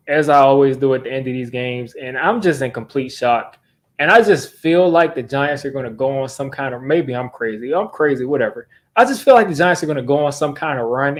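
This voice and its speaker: A young man hosting a sports fan channel, ranting in exasperation during a live football reaction, repeating himself as he vents. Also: mid-range voice.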